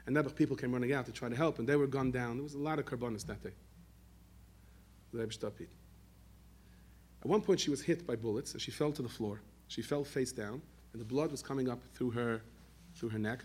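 A man giving a sermon, telling stories in an animated way and mixing in Yiddish and Hebrew words. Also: mid-range voice, breathy edge. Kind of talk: sermon storytelling.

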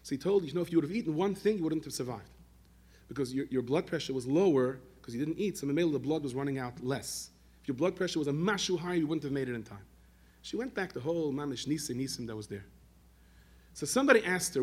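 A man giving a sermon, telling stories in an animated way and mixing in Yiddish and Hebrew words. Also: medium pitch, fast, breathy edge. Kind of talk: sermon storytelling.

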